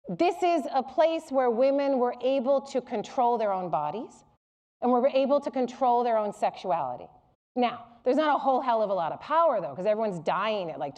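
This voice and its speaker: A woman's voice: mid-range voice, highs cut off. A middle-aged woman giving a public lecture to a live audience, candid and humorous as she tells personal stories. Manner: candid, humorous, animated storytelling.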